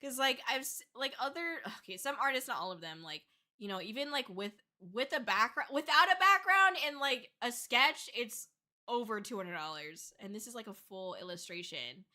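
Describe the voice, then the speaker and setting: A woman's voice: a little high, normal speed. Bubbly, giggly young woman streamer. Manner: gushing, giggly, excitable fangirling with frequent squeals. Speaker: VTuber streamer. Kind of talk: casual livestream chat.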